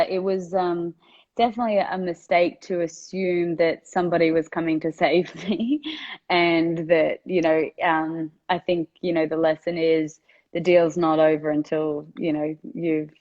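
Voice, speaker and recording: A woman's voice: low voice, darkish tone, dull audio. A woman entrepreneur telling a candid, reflective story in an interview, with a conversational style full of fillers. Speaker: entrepreneur guest.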